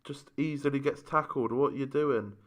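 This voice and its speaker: A man's voice: mid-range voice, normal speed. Exasperated man moaning over a game. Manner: moaning, exasperated running commentary. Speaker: gaming YouTuber. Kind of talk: casual let's-play commentary.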